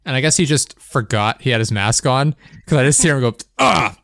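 A man in casual chat, telling a story in an animated way and chuckling along. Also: medium pitch, brisk, no room sound.

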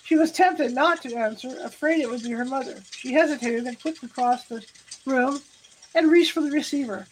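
A woman's voice: high-pitched, normal speed, a little hiss or hum, rough recording. A woman narrating a romance novel aloud, stopping now and then to correct her own slips. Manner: self-correcting as she reads. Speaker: audiobook narrator.

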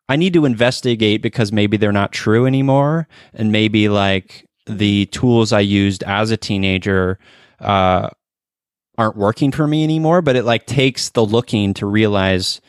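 A man's voice: fairly low pitch, no echo. 40ish guy hosting a podcast, earnest, lots of restarts, dry close sound. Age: 40s. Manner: earnest, halting, many restarts and fillers. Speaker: podcast host. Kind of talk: casual conversational interview.

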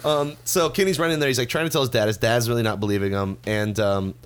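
A young man with an ordinary mid-pitched voice retells a film in a loose, rambling way. He fills gaps with ums and likes, laughs along, and drops the odd swear word. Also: fast talker, clear, resonant tone. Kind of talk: casual podcast chat recapping a movie.

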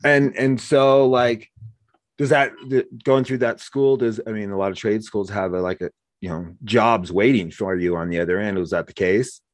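A man in his forties from Wyoming hosting a casual conversation, an animated storyteller who acts out the voices he quotes. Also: on the low side, normal speed, dry recording, clean studio sound. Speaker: podcast host.

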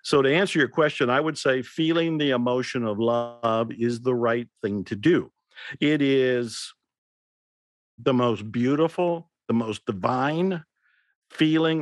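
An author and teacher appears as an interview guest, speaking earnestly and reflectively and often acting out quoted dialogue as he tells his stories. His pitch is ordinary for a man and his pace unhurried. The recording is dry and close, with no room echo.

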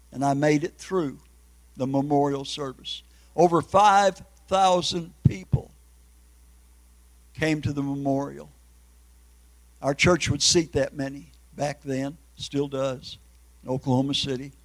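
High-voiced emotional older preacher man. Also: rough recording. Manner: emotional, breaks into crying. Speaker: evangelist preacher. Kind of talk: emotional testimony sermon.

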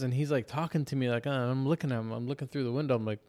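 A man hosting a casual podcast, telling a story in an animated, exasperated way. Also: medium pitch, rapid-fire, hardly any pauses. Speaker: podcast host.

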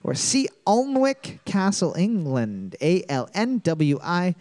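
A woman's voice: lowish voice, sing-song, slow pace, mellow. A woman hosting a casual trivia night, reading each question twice and trading crude, teasing banter with a co-host.

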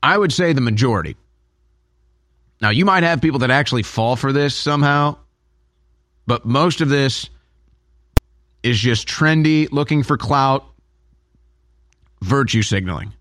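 A man's voice: medium pitch, unhurried, long pauses, a bit bright, no room sound, studio quality. A man hosting a commentary show, talking in a sarcastic, mocking way. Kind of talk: political commentary.

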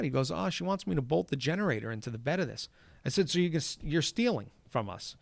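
A man telling a story in casual conversation. He swears often and acts out the lines he shouted. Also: a little high, fast talker, creaky, dry recording. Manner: profane, animated, acts out shouted quotes. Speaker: golf course superintendent.

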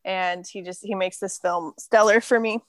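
A woman's voice: mid-range voice, steady tone, moderate pace, no echo. A woman in an online voice chat, talking with enthusiasm and a few hesitant starts about a movie. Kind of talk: casual chat, movie review. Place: online voice call.

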